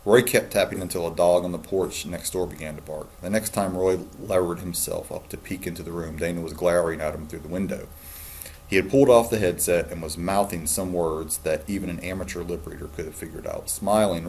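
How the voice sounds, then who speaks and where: A man, a teacher, calmly reading a novel aloud to his students. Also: low-pitched, fairly quick, slight background noise. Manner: calm, steady storytelling.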